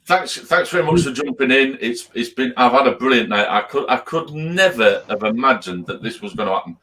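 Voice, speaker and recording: A man in his fifties chats with guests on his birthday stream. His pitch swings widely as he presses a point, repeating himself for emphasis. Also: lively intonation, fairly quick, bright, forceful tone. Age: 50s. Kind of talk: casual group chat.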